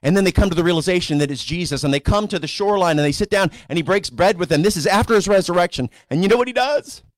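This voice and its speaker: A male pastor preaching a sermon in a conversational storytelling way, sometimes rising to animated emphasis. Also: high voice, quick pace, no room sound. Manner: conversational storytelling preacher, voices characters casually.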